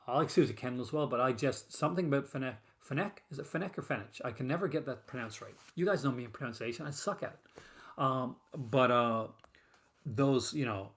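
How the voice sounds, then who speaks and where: A man hosting a casual stream, rambling and full of fillers and restarts as he chats with viewers. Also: mid-range voice. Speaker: host of a horror film collecting show. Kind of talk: casual live-stream chat.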